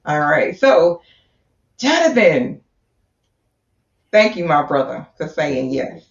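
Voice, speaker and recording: A woman's voice: sits low, slow. Upbeat woman hosting an echoey livestream. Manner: upbeat and animated, repeats herself for emphasis. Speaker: talk show host. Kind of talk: live-streamed talk show hosting. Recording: echoey room, distant from mic, dull sound.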